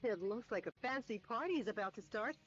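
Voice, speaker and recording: A polite young presidential aide, dutiful and courteous. She speaks in a fairly high voice, and the dull, lo-fi game audio has faint music underneath. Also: animated, a little fast, a bit bright. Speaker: video game character.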